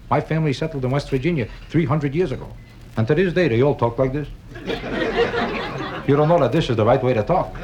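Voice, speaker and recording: Quick-talking kvetching comedian. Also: male voice, on the high side. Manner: deadpan, kvetching, sing-song delivery. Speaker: stand-up comedian. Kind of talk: stand-up comedy routine. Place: nightclub stage before a live audience. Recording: 1962 live album with audience noise.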